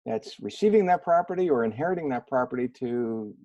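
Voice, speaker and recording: A man's voice: medium pitch, animated, a little fast, dark tone, highs cut off. A man hosting an interview show, introducing his guest in a friendly, upbeat way and asking questions. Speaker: podcast host.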